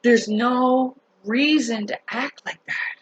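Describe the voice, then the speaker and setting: A woman telling a story in a casual rant to her viewers, animated, swearing and laughing as she talks. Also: on the high side, slow, husky, low-quality recording. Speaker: vlogger.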